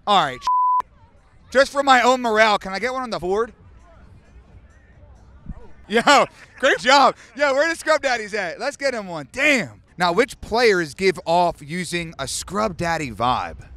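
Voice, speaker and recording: A man hosting street interviews outdoors at a stadium parking lot, loud, profane and full of hype-man energy. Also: high voice, very animated, a little slow, no echo. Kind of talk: hyped vox-pop interviewing. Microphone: handheld mic.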